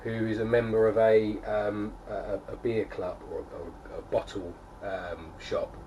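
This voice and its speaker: A man's voice: lowish voice, level tone, measured pace. A young man casually chatting to camera at home beside his keg setup, rambling with plenty of fillers and restarts. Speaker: homebrewing vlogger. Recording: distant mic, faint background noise.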